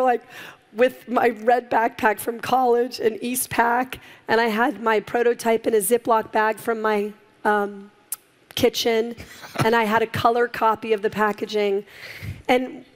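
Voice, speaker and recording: A middle-aged woman, a guest in an interview, telling her story in a lively way and acting out the people she quotes, laughing often. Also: medium pitch. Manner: animated, acts out quoted voices, laughs often. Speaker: guest, entrepreneur.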